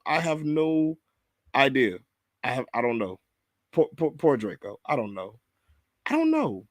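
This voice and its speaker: A man's voice: mid-range voice, fairly bright tone, no room sound. A man hosting a podcast in casual review chat, rambling and cursing, laughing and reading viewer comments aloud. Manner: rambling, profane, repeats himself. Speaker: podcast host.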